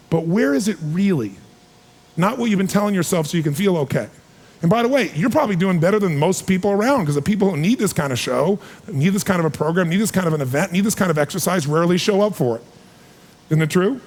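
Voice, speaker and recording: A man in his forties giving an energetic, emphatic seminar talk to a live audience, calling for responses. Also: high voice, fast talker. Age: 40s. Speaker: motivational speaker. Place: large hall with a live audience. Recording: long hall reverb.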